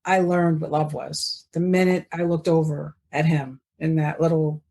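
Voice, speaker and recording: A woman's voice: deep voice, little pitch movement, normal speed, creaky, mellow. A woman in her fifties, a podcast guest, talking in a chatty, casual way, often laughing and trailing off mid-thought. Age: 50s. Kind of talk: casual interview chat.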